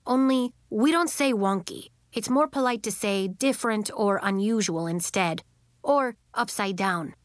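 A woman's voice: medium pitch, measured pace, no room sound, clean studio sound, natural voice. A woman voicing a shy, polite young boy in a storybook, speaking hesitantly and earnestly. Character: shy, polite young boy who can't stop floating.

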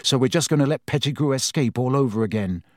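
A man's voice: mid-range voice, fast talker, no echo, clean studio sound, close to an everyday voice. A man reading as a determined teenage boy wizard. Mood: tense.

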